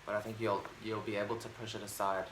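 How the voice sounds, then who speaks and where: In a home room with a bookshelf, a man who vlogs about books talks quickly in a level, lowish voice, rambling enthusiastically through a casual review chat full of fillers and restarts. The recording has a roomy echo and faint background noise.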